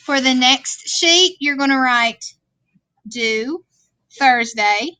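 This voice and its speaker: A woman's voice: high-pitched, slow pace, sharp tone, clear, resonant tone, dry recording. A woman teaching a vocabulary lesson, patiently explaining words and checking in with "okay?". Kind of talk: classroom worksheet lesson. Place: classroom screen recording.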